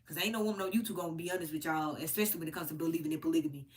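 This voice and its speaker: A woman hosting her own commentary channel, ranting bluntly and profanely to her viewers, her pitch leaping high whenever she gets worked up. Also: steady tone, very fast. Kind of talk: unscripted rant to camera.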